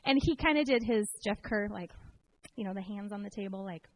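A woman's voice: mid-range voice, a little fast. A middle-aged woman telling an emotional personal faith story in a sermon-like way, acting out the voices in her story. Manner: emotional, animated storytelling with quoted dialogue. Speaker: speaker sharing a testimony. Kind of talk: sermon-style personal testimony.

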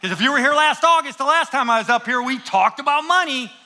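A middle-aged man preaching a sermon in church as a guest pastor, lively and joking, then hushed and slow in prayer. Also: very high voice. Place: church in front of a congregation.

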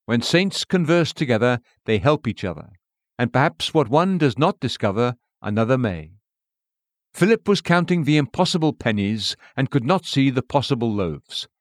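A man reading a sermon aloud in a measured, earnest way, full of rhetorical questions. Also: medium pitch, lively intonation, no echo, studio quality. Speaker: preacher.

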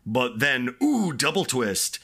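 Lively bright-voiced guy joking around on a movie podcast. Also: mid-range voice, slow pace, vocal fry. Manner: joking, absurd riffs. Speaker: podcast co-host. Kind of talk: casual comedic movie recap.

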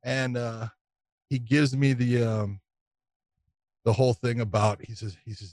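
A man's voice: mid-range voice, measured pace, long pauses, no room sound. Laughing, swearing man telling a story. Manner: animated, laughs through his story, swears freely. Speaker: podcast co-host telling a story. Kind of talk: casual storytelling.

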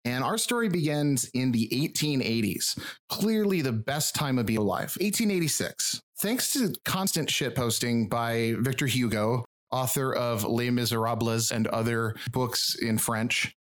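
A man's voice: medium pitch, lively intonation, a little slow, fairly bright tone. Wry rural Michigan man hosting a podcast. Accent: rural Michigan, drops final G's and D's. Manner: wry, swearing, self-mocking. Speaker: podcast host and researcher. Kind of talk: casual podcast chat with jokey asides.

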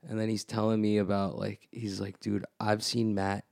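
A man's voice: lowish voice, normal speed, creaky, no echo, studio quality. A man telling a story in a casual podcast chat, leaning hard on "like" and swearing freely, often acting out what others said. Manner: animated storyteller, heavy "like", frequent swearing.

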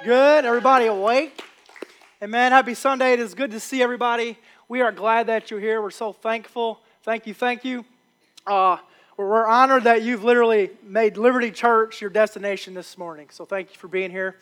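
A male pastor delivers a Sunday sermon. His voice is very high-pitched, and he drives his points home through emphatic repetition. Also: fairly bright tone.

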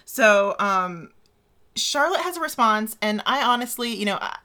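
A woman's voice: fairly high pitch, animated, a little slow, sharp tone. A woman co-hosting a podcast, chatting casually about literary history with lots of fillers and giggles. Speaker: podcast co-host.

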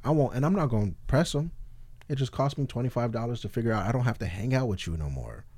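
A man talking as a guest on a casual podcast, telling animated stories full of slang and swearing. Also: medium pitch, quick pace, dry recording. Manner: animated storytelling with acted-out quotes, heavy slang and swearing.

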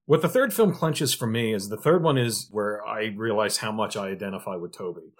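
A man's voice: on the low side, expressive, a little fast. A man co-hosting a podcast, telling a funny story about a film scene and laughing along. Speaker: podcast co-host. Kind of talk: casual film review chat.

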